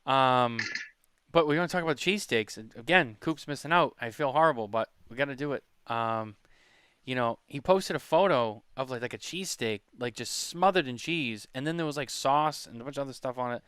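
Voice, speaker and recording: A man's voice: mid-range voice, a little fast, fairly bright tone, clear, resonant tone, dry recording, studio quality. A man hosting a podcast in casual chat, rambling and chatty as he reads comments. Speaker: podcast host.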